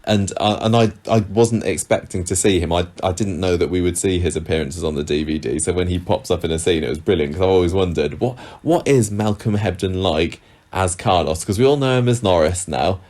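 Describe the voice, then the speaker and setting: A man's voice: sits low, fairly quick, hardly any pauses, darkish tone. A man co-hosting a podcast in casual chat, hesitant and full of restarts. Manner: hesitant, with many restarts and fillers. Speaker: podcast co-host.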